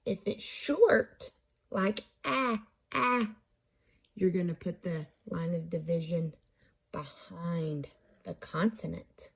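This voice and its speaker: A woman teaches a phonics lesson in an unhurried, patient way, asking questions and answering them herself. Her voice is mellow and slightly husky, and she sounds out syllables slowly. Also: fairly low pitch. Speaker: reading teacher.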